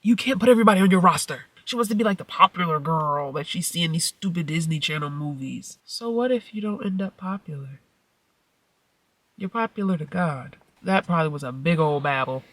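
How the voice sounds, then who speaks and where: A middle-aged woman vlogging casually to her viewers, telling a family story and acting out the quoted lines with sudden high-pitched outbursts. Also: normal speed, dry recording, distant mic. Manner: animated storytelling, acts out quotes with big pitch jumps. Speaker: mommy vlogger. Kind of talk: casual vlog talk.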